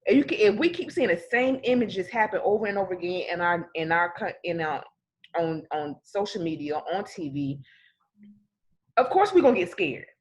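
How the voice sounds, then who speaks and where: A woman co-hosting a casual podcast chat, talking in an animated way and acting out scenarios as she speaks. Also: fairly low pitch, moderate pace. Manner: animated, acts out scenarios in speech. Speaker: podcast co-host.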